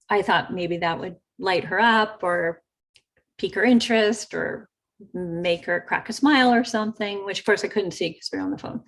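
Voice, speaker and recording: A woman's voice: mid-range voice, moderate pace. Chatty woman telling a story. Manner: chatty, animated retelling with acted quotes. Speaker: host. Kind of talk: casual storytelling.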